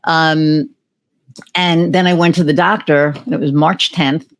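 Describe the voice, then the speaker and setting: A woman's voice: low-pitched, measured pace. A woman as a podcast guest, animatedly telling a personal story and acting out remembered conversations. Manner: animated, acts out remembered dialogue; many fillers and restarts. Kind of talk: casual storytelling interview.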